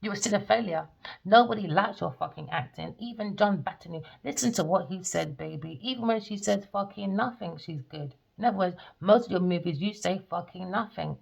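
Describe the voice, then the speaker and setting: A woman's voice: medium pitch, brisk, creaky, a little mellow, slightly rough. A woman giving a profane, scornful rant as a tarot reader. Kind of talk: ranting monologue. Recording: dull lo-fi recording.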